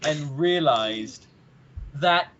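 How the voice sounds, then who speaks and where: A man co-hosting a podcast, telling a story in casual chat, excitable and swearing often. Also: on the high side, very slow, crowd noise. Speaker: podcast co-host. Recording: dull lo-fi podcast audio.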